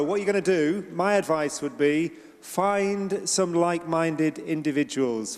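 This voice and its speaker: Energiczny Brytyjczyk, pogłos sali. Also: male voice, medium pitch. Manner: energetic, encouraging, emphatic. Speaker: panellist. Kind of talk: conference panel advice. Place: large conference hall. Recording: long hall reverb.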